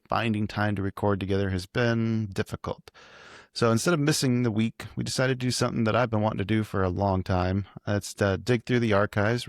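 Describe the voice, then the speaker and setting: A man's voice: lowish voice, dry recording, studio quality. A man co-hosting a history podcast, chatting casually and trading short agreements. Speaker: podcast co-host.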